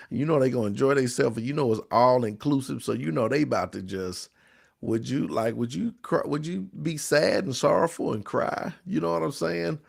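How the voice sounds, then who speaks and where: A man's voice: medium pitch, gravelly. A man hosting a grief support talk, reading viewer comments and answering in an emphatic, preacherly, repetitive way. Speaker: host of a grief support show. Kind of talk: live-stream talk to viewers.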